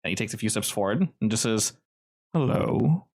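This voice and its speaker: A man's voice: fairly low pitch, quick pace. A man narrating a tabletop role-playing game as game master, loose and descriptive. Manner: descriptive, relaxed, loose phrasing.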